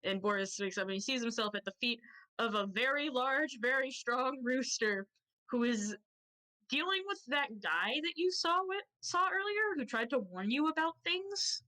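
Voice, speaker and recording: A woman runs a tabletop game from home, narrating in a loose, rambling way with plenty of laughter. Her voice sits a little high and stays casual. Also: expressive, normal speed, bright, forceful tone, rough recording. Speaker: game master.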